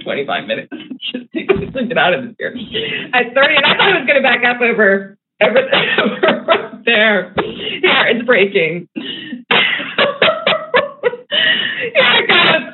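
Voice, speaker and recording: Excitable woman in tinny live-stream audio. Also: a little high. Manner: excitable, laughing often, talking to herself. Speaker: day trading show host. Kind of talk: live trading commentary. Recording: tinny phone-like audio with faint noise.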